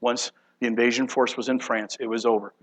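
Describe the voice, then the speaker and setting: A man preaching a sermon dramatically, shifting between loud outbursts and hushed, low passages. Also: level tone, fairly quick, poor audio. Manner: dramatic, acts out voices of God and angels, swings from loud to hushed. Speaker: pastor.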